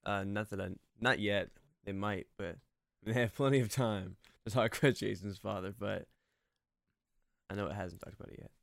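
A man's voice: lowish voice, fairly even intonation, moderate pace, creaky, no echo, studio quality. A man chatting casually while watching a movie, easygoing and laughing often.

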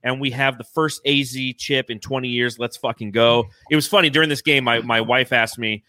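Podcast host, male, bright forceful voice, excited and profane, dry close mic. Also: medium pitch, fairly quick, no room sound. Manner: excited, swears freely, reads donations aloud. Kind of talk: casual fan podcast chat.

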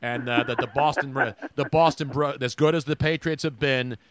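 A man's voice: medium pitch, steady tone, normal speed, fairly bright tone, slight background noise. A man co-hosting a sports podcast, joking and rambling in casual chat. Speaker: podcast co-host.

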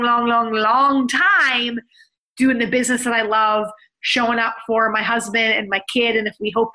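A woman in her thirties hosting a podcast, talking on her own in an energetic, emphatic, conversational way as a business coach. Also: on the high side, rough recording. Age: 30s. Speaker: podcast host. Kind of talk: solo podcast monologue.

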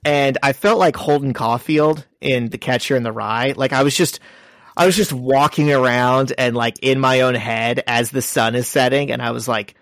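A male podcast co-host chats casually at normal speed, his medium-pitched voice steady and free of room sound. He's a chatty storyteller who acts out little quoted bits as he tells his stories.

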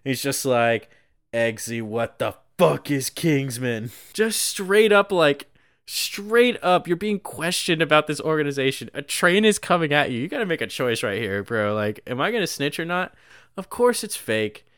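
A man chats about a film with a co-host, his voice smooth and resonant at a middle pitch. He talks in an animated, loose way, swearing freely and laughing often. The sound is dry and close, with no room around it. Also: moderate pace, dry recording. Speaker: podcast co-host. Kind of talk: casual movie discussion.

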